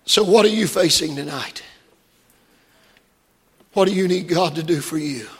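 A man preaching a sermon from the pulpit, moving between quiet storytelling and shouted, fervent peaks. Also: fairly high pitch, measured pace, gravelly, breathy edge, big-room sound. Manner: preaching that swings from hushed storytelling to shouted climaxes. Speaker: pastor. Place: church sanctuary.

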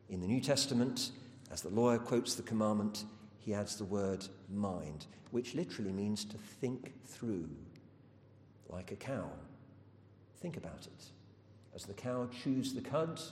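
Preacher in an echoey hall. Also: male voice. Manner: earnest storytelling with rhetorical questions. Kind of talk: sermon. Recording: echoey hall with faint rumble.

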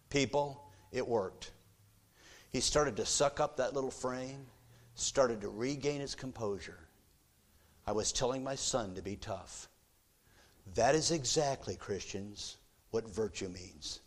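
A middle-aged man preaching a sermon, telling a personal story and swinging from hushed, soft passages to loud, forceful exhortation. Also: mid-range voice, unhurried. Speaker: pastor.

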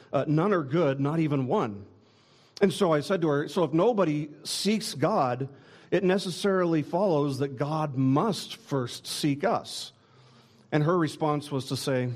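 A man's voice: on the high side, a little mellow. Earnest male preacher, restarts phrases. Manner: earnest, repeats words when starting phrases. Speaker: pastor. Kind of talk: sermon.

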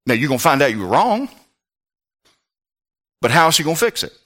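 A male pastor preaching a sermon, swinging between loud, pleading passages and quiet, low asides. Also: very animated, a little fast.

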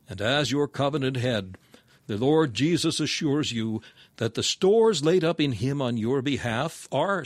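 A preacher reads a sermon aloud in old-fashioned scriptural language. His delivery is solemn and measured, with his pitch rising on emphatic appeals, and there's no room sound.

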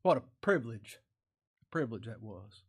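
A man preaching a sermon, swinging from loud, high exclamations down to quiet, soft asides. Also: very animated, normal speed, breathy edge. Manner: preaching with sudden rises in pitch and volume, dropping to quiet asides. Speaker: pastor.

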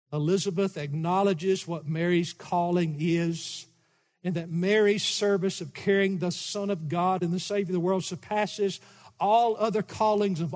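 A middle-aged man delivers a sermon from the pulpit, his high voice swinging between calm explanation and sudden loud, animated bursts. The long reverb of the church hall trails behind each phrase. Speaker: pastor. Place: church sanctuary.

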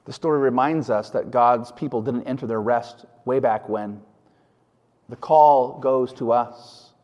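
A man's voice: mid-range voice, a little mellow, muffled recording. A man preaching a sermon, emphatic, often putting questions to his listeners. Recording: hall reverb.

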